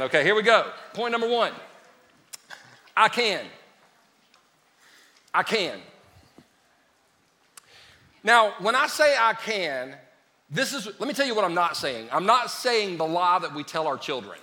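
A man preaching a lively sermon as a pastor, joking with his congregation. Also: high voice, moderate pace, big-room sound. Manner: lively, joking with the congregation, calls them "y'all". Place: church sanctuary.

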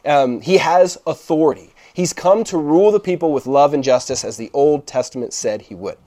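This young pastor speaks at a normal pace in a fairly high, mellow voice. His sermon is conversational and relaxed, and he keeps checking in with listeners while he explains.

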